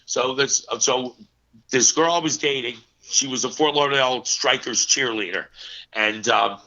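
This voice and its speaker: Bright-voiced New man telling stories. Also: mid-range voice, normal speed. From New Jersey, US. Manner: animated anecdotes with quoted voices. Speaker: actor guest. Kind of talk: casual storytelling interview. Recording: muffled lo-fi audio.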